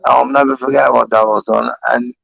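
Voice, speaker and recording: A man with a strongly gravelly, creaky voice chatting as a guest on a live stream. He speaks with a gushing, emotional warmth and swears freely. The sound is dry and close. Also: medium pitch, level tone, normal speed, no echo, muffled recording. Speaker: panel guest. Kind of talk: casual live-stream chat.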